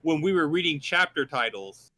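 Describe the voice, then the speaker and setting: A man chatting casually with a friend on a stream, telling stories in a dry, deadpan way. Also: fairly high pitch, normal speed, no room sound. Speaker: streamer co-host.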